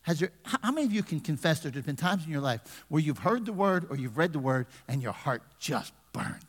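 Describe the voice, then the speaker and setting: A man's voice: a little high, very animated, a little fast, in a large hall. A man in his fifties, a pastor preaching a conversational sermon with humor and questions to the congregation. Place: church sanctuary.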